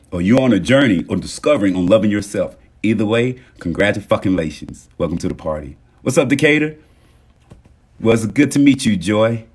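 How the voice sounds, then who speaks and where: A man with a husky, slightly low voice hosts a casual motivational livestream into his phone. He speaks directly to his viewers and thanks them by name. His delivery swings from loud, emphatic bursts to soft, low murmurs. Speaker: livestream host.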